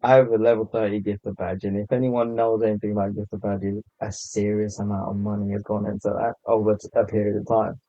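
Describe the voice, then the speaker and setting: A man talks in an easy, unhurried way, his low and mellow voice giving the chat a relaxed feel. The recording is dry and a little muffled. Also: no room sound. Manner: laid back, low-key. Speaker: podcast guest, content creator. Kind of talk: casual podcast chat. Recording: slightly muffled lo-fi sound.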